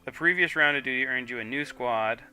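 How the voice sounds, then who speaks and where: Male gamer host, sharp bright voice, casual read-along commentary, soft game music behind. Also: mid-range voice, brisk. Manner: reads on-screen text with frequent "okay" fillers. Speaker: gaming streamer. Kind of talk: casual game commentary, reading text aloud.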